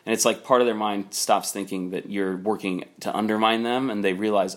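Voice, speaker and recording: A man's voice: low voice, fairly even intonation, fast talker, hardly any pauses. Rambling man telling a work story. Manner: rambling, many "like" fillers, quotes people in raised voice. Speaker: storyteller recounting a work conflict. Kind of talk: casual personal storytelling.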